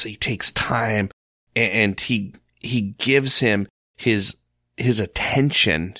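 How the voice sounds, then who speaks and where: A man leading a casual Bible discussion, earnest and halting with frequent restarts. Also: lowish voice, sharp tone, dry recording, studio quality. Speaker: Bible study leader.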